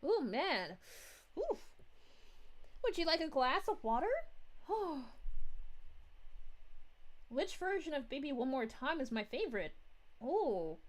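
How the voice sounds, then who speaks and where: Woman as a sweet, giggly princess streamer, high and lilting, easygoing pace. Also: sing-song, exaggerated voice. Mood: cheerful. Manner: bubbly, giggly, drawn-out "ooh"s. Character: bubbly cheerful young princess, sweet and giggly. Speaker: VTuber streamer. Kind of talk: live stream chat reading in character.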